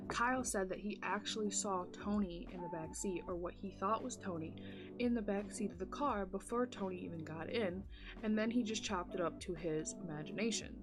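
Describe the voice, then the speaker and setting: While doing her makeup, a woman vlogger with a mid-range voice chats casually through a spooky story. She retells it dramatically, filling it with "like."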